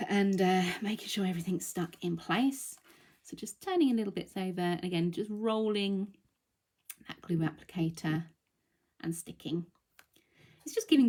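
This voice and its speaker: Her voice low and somewhat dark, the woman chats her way through the live craft demo, sounding breathless because she's been unwell. She reassures her audience while thinking aloud, filling pauses with many ums.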